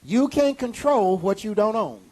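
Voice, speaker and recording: A man pastor preaching a sermon, animated, with sudden high exclamations. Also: unhurried.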